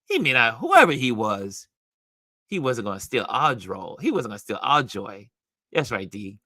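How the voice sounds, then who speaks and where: A man hosts a relaxed livestream chat, his voice swinging widely in pitch as he reacts with emphasis to what viewers post. His tone is bright and forceful, and the sound is close and dry, with little room around it. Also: normal speed, no echo. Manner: animated, reacting to viewer comments; laughs often and speaks emphatically. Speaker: livestream host.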